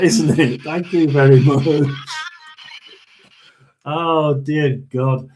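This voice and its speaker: Slow, halting man reading tarot. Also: fairly high pitch, fairly even intonation, a little mellow, faint music behind. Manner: rambling and halting, with frequent ums and throat clearing. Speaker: tarot and spirit box reader. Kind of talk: casual livestream reading.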